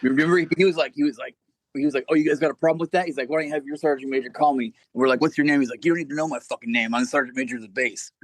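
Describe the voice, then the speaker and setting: A man talks at a fast clip, telling profane anecdotes as a podcast guest. His voice is recorded close, with a dry sound and no room. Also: mid-range voice, steady tone, no echo. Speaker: guest, former Marine. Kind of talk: casual storytelling.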